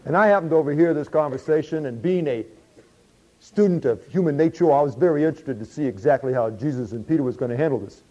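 A man's voice: a little high, quick pace, warm tone, close to an everyday voice. An actor playing a former tax collector turned disciple, telling his story in a folksy, confiding monologue with dry humor. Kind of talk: dramatic first-person monologue. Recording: dull lo-fi recording.

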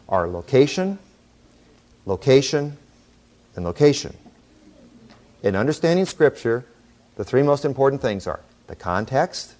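A middle-aged man preaching a sermon in a voice of ordinary pitch for a man. He jokes and throws in sarcastic asides as he explains the text, and keeps his delivery lively.

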